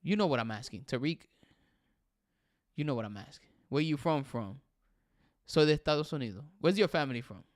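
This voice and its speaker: A man's voice: mid-range voice, expressive, brisk, long pauses, no room sound, studio quality. A young man hosting a casual livestream, chatting with viewers and reading their comments, switching between English and Spanish. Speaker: livestream host.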